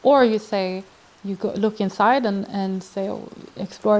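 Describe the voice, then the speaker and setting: A woman's voice: medium pitch, steady tone, unhurried, darkish tone. Woman giving self-help tips, acts out little conversations, lots of restarts. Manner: thoughtful, acts out example dialogues, frequent restarts. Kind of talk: casual advice talk.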